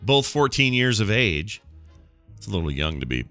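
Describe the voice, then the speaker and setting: A middle-aged man with a low-pitched, bright and forceful voice co-hosts a casual chat podcast. He tells stories and rants with animated energy. Faint music sits under the talk. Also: moderate pace, no room sound. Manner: animated, ranting, storytelling. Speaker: podcast co-host.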